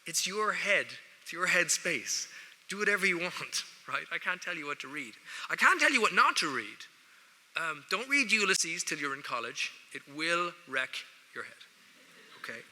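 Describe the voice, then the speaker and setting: A man's voice: fairly high pitch, very animated, moderate pace, pushed and bright. An Irish man giving a joking, wry speech to students at an award ceremony, talking straight to the audience from a lectern. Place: large ceremony hall. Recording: echoey large hall.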